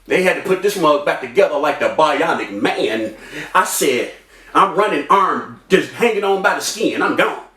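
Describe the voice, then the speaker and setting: A young man telling a personal story in an animated way, acting out voices and sound effects with street slang. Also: fairly high pitch, moderate pace, recorded from a distance. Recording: echoey room, off-mic.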